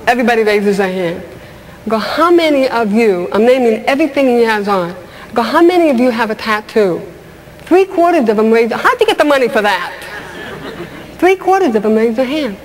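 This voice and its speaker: Lady comic telling stories on stage, lively, tossing questions at the crowd, big hall echo, faint hum behind. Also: fairly high pitch, normal speed. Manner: animated, talks straight to the audience with questions and laughs. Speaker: comedian and inspirational speaker. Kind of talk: stand-up storytelling. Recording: large hall with long reverb, faint ambience.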